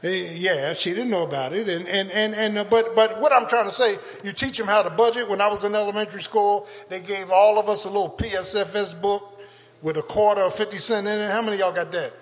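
An older male pastor preaching a sermon with call-and-response, building to shouts. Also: sits high, steady tone, a little fast. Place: church sanctuary. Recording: long church reverb.

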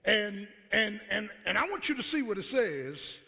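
Man preaching, high bright voice, long church reverb, call-and-response sermon. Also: very animated, normal speed, gravelly. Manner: preaching, rising to shouts, acting out God's voice. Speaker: pastor. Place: church sanctuary.

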